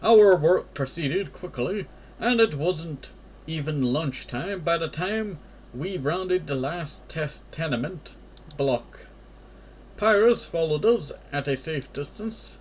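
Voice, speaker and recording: A man with a slightly higher voice reads a story game aloud at a slow, deliberate pace. He stumbles on words and corrects himself, and drops casual asides between passages. Faint background noise runs under his voice. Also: animated, rough recording. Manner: slow reading with self-corrections and offhand asides. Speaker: gamer.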